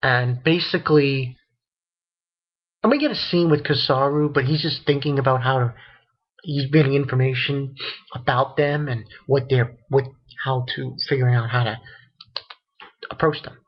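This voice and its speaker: Man, casual anime reviewer, rambling delivery, husky tone, muffled lo-fi recording. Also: mid-range voice, moderate pace, pauses often. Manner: rambling, many restarts and fillers.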